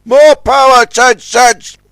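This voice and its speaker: Man voicing male tugboat, urgent shouts, very high, loud. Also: steady tone, takes it slowly, clean tone, dry recording, exaggerated voice. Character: strained male work tugboat.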